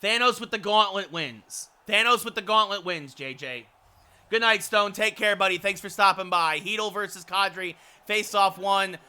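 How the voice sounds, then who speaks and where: Bright excited male hockey announcer. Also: sits high, normal speed, smooth. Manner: excited play-by-play calls that build to shouting; relaxed chatty asides to viewers. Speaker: streamer doing play-by-play of a hockey video game. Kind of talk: mock sports commentary mixed with chat replies.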